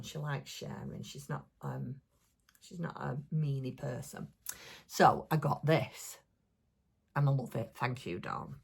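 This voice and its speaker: Gushing low-voiced woman crafter, husky tone. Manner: gushing, excitable, rambling with many fillers. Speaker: crafting vlogger. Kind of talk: casual chatty show-and-tell.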